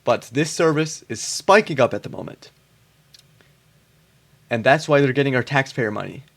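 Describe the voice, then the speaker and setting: Gravelly-voiced man, mocking commentary. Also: medium pitch, moderate pace, fairly bright tone. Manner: blunt, exasperated, swears. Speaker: reaction commentator.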